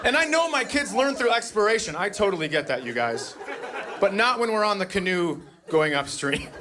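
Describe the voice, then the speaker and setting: A man's voice: high-pitched, very animated, normal speed, a crowd in the background, background noise. A middle-aged man doing a stand-up comedy set, telling dry stories that break into exasperated outbursts.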